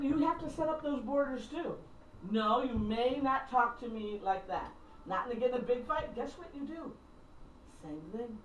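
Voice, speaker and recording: A middle-aged woman minister and counselor giving a casual, blunt and candid teaching talk to a small group, acting out phone calls. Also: high-pitched. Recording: roomy, distant mic, faint background noise.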